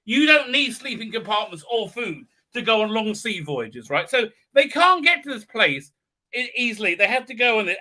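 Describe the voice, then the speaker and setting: High, bright-voiced sarcastic man. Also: very animated, normal speed. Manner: sarcastic, crude, frequent "uh, uh" fillers. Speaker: host. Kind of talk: mocking live commentary with silly put-on voices.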